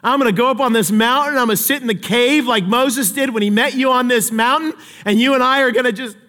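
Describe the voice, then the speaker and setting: A lonely, zealous prophet pleads his case in a high, strained voice, as a man plays him. He sounds self-pitying and insistent, and a long hall reverb trails after every line. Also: fast talker, pushed and bright. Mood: eager.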